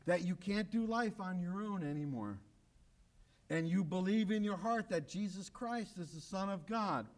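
A pastor preaching a sermon in an urgent, emphatic way, pressing the same call again and again. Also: male voice, high voice, normal speed. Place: church, broadcast on radio and online.

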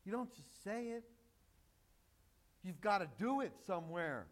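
High-voiced, slow-paced man preaching. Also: lively intonation. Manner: emphatic, joking asides to the congregation. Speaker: pastor. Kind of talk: sermon.

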